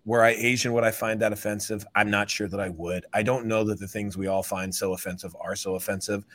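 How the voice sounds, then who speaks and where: A man hosts a casual sports podcast in a fairly low voice. He thinks aloud and often stops to restart his sentences. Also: steady tone, fairly quick, a bit bright, slight background noise. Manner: rambling, stops and restarts to rethink. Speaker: podcast host.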